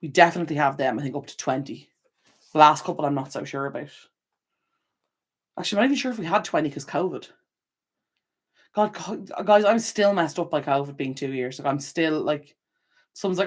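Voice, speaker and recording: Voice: medium pitch, a little fast, pauses often. A young adult channel host chatting casually on a livestream, reading out viewer comments, rambling with frequent laughs and self-corrections.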